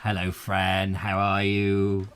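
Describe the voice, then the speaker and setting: A man's voice: low-pitched, monotone, slow pace, background noise. A man hosting a comic chat show, jokey and rambling in his banter. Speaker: host.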